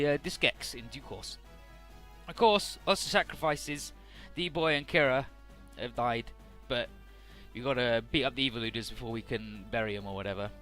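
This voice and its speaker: A man's voice: medium pitch, pushed and bright. A man casually narrating and recapping a video game story, rambling and swearing now and then. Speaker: let's play host.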